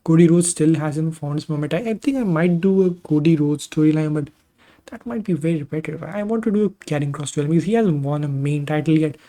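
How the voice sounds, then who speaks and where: Mellow-voiced man commentating a wrestling game. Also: on the high side, quick pace. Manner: rambling, drifts into tangents and asides. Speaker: gaming channel host commentating simulated matches. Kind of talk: casual video game commentary.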